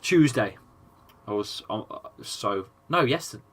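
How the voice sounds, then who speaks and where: An English man with a chesty, slightly rough voice gives a live football watchalong between coughs, reading chat and calling the play. His tone is bright and forward. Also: medium pitch, normal speed, a little hiss or hum. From England. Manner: chatty, swears, reads chat aloud between play calls. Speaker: football fan streamer. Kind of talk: casual live watchalong commentary.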